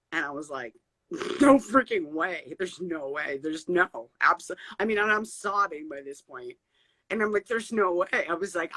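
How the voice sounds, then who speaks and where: A woman speaks as a guest over a video call, telling her personal story with feeling and often circling back to repeat a phrase. Her voice is bright and forward. The sound is dry, with no room around it. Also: on the low side, no echo, poor audio. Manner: tearful, repeats phrases when moved. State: crying. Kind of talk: emotional personal testimony.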